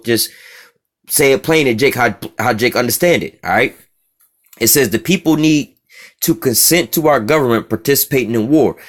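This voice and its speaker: A man preaches in a rapid, rushing delivery at a middle pitch, reading a text aloud and breaking it down for his listeners. His talk is blunt, profane and heated, full of restarts and repeated asides. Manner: blunt, profane and heated, with frequent "you see what I'm saying" asides; repeats and restarts words while driving his point. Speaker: religious teacher. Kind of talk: street-style religious lecture, reading a text aloud and commenting.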